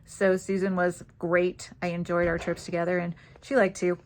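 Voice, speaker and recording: Woman vlogger, lower-pitched, casual storyteller, animated and quick to laugh. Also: a little hiss or hum. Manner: chatty, animated, laughs easily.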